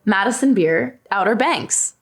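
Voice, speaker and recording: A young woman from Long Island talks in an easy, unscripted way, answering questions with self-deprecating jokes and frequent laughs. Her voice sits in a middle register with a noticeable gravelly fry at the ends of phrases. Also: medium pitch, expressive, unhurried. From Long Island, New York. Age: 20s. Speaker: singer answering internet questions. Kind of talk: casual unscripted chat to camera.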